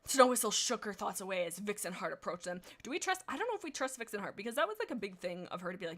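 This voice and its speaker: A woman streamer reading fan fiction aloud, breaking off often for excitable, laughing commentary. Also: medium pitch, quick pace.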